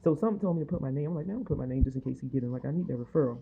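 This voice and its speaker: A woman's voice: deep voice, rapid-fire, creaky. A woman vlogger telling a personal testimony in a chatty, rambling, half-whispered way, recorded on a phone at home. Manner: rambling, chatty, animated, quotes others in her retelling. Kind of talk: casual storytelling, half-whispered. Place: own apartment building. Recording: tinny phone-like audio with faint noise.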